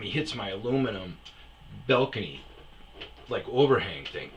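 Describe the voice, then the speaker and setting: A man telling a rambling, profane story in a casual way, breaking into loud shouts when he acts out scenes. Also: mid-range voice, lively intonation, normal speed, slight background noise. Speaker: storyteller host. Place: lives on a self-storage property in Arizona.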